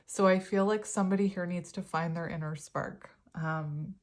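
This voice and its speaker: A woman's voice: lowish voice, fairly even intonation, moderate pace. A woman giving a casual tarot reading to her viewers, chatty and openly emotional, laughing often between her phrases. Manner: openly emotional, voice close to tears at times. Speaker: tarot reader.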